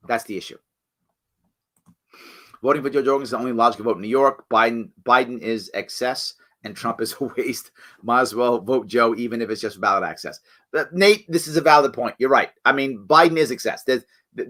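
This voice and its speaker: A man with a bright, mid-range voice hosts a live talk show, answering viewer comments with a forceful tone. He speaks emphatically, keeps tagging his points with "right?", and often restarts his sentences.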